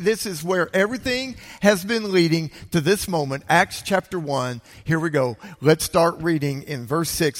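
A man's voice: fairly high pitch, a bit bright, in a large hall. A man preaching a sermon as pastor, leaning hard on key words. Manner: emphatic preaching with slowed, drawn-out stresses.

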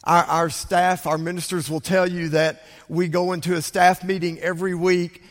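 An older man delivers a Sunday sermon from the pulpit, his voice sitting a little high for a man. He tells stories in lively swings, dropping to hushes and rising to loud bursts. The sound rings out with the long reverb of a large church sanctuary. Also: normal speed. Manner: storytelling with hushed whispers and sudden loud bursts. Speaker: pastor.

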